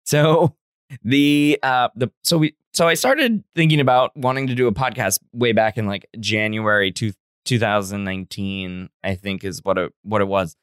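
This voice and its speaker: A man in his thirties hosts a relaxed podcast chat, often pausing and restarting his sentences. His voice is low and smooth, with a clean tone. The sound is close and dry. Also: no room sound. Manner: hesitant, many restarts and fillers. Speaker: podcast host, teacher.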